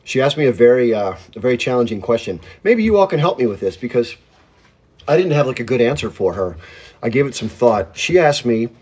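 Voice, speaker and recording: A man's voice: medium pitch, big pitch swings, brisk, darkish tone, breathy edge. A man hosting a casual livestream from home, rambling and greeting viewers by name as their comments come in. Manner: self-described hyped-up talker. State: chewing while talking. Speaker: livestream host. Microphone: phone.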